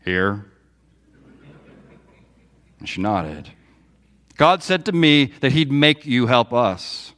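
A man's voice: mid-range voice, sing-song, slow, pauses often, fairly bright tone. Male pastor, sermon delivery, storytelling preacher who acts out the quotes. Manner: storytelling preacher, quoting dialogue with feeling. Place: church sanctuary.

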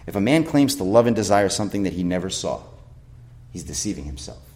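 A male pastor delivers a sermon in a fairly low voice. He preaches emphatically, putting rhetorical questions to his listeners and reading scripture aloud between points. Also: big pitch swings, fast, darkish tone.

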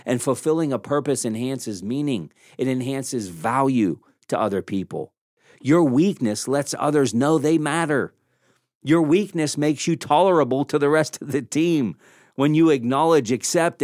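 A man hosting a leadership podcast, telling stories in an animated, self-deprecating way and acting out the lines he quotes, on a studio microphone. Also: mid-range voice, no room sound. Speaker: podcast host. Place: small studio room.

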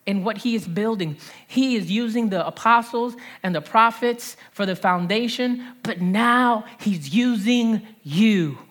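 This female pastor, in her thirties and carrying a New Jersey accent, preaches with energy, trading call-and-response lines with the congregation and repeating key phrases. Her pitch runs somewhat high.

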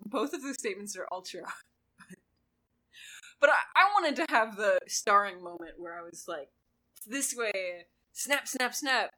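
A woman co-hosting a podcast, chatting casually and telling a story in an animated way, acting out quotes. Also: mid-range voice, moderate pace, pauses often, rough recording. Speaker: podcast co-host.

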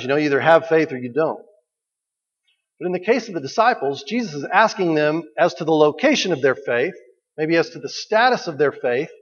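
Preacher in an echoing hall. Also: male voice, fairly high pitch. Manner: conversational, rhetorical questions, repeats key phrases. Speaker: pastor. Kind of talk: sermon. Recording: dull recording with long hall reverb.

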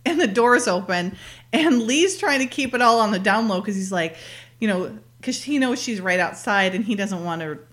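A woman co-hosting a podcast, recapping a TV episode in a casual, chatty way, full of "like" and "you know" and quick giggles. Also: medium pitch, lively intonation, fairly bright tone. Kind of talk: casual chat.

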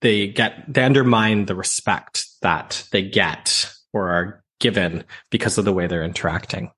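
A man from Canada speaks as a podcast guest with a fairly low voice. He is a voice teacher who talks in an expressive, thoughtful way with many fillers. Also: moderate pace, husky. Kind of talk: conversational interview.

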